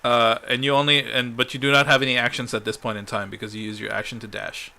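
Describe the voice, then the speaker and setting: A man running a tabletop game as dungeon master, halting and full of "uh"s as he checks the rules. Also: mid-range voice, flat delivery, creaky, pushed and bright. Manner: halting, fills pauses with "uh", laughs along.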